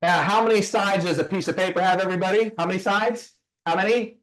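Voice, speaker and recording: High-voiced man coaching with emphatic questions. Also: quick pace, fairly bright tone. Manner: emphatic, fires rhetorical questions at the audience; asks listeners to type answers in. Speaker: personal growth speaker. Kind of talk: motivational teaching session.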